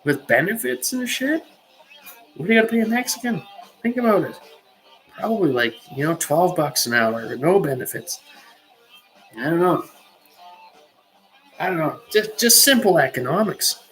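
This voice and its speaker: A woman's voice: on the low side, big pitch swings, moderate pace, long pauses, soft background music, rough recording. A woman hosting a podcast, ranting heatedly with lots of swearing and filler words. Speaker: podcast host. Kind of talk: profane rant on a podcast.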